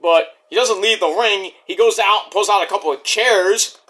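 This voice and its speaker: A man's voice: sits high, normal speed, bright, forceful tone. A man recapping a wrestling show in a casual, rambling vlog with profane asides.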